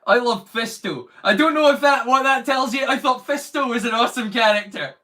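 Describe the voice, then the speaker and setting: Brief: male streamer, casual and rambling, pitched fairly high, answers chat on the fly. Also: brisk, pushed and bright. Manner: chatty, rambling, reads chat aloud. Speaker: live-stream host.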